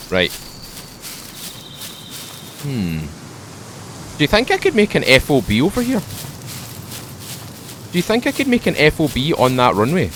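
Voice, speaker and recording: A man at home talking into a desk microphone, giving a relaxed, rambling commentary while playing a game. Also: medium pitch, slight background noise. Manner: rambling, chatty, drifts off topic; mellow, laid-back morning mood. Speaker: gaming channel host. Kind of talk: casual let's-play commentary.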